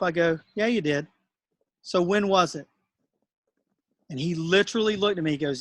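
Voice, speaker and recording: Middle-aged guy coach telling a story, bit high voice, dry close mic. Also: moderate pace, pauses often, a bit bright, no room sound. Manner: earnest, chatty, acts out dialogue while telling a story. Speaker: tennis coach and show host. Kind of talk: relaxed storytelling talk.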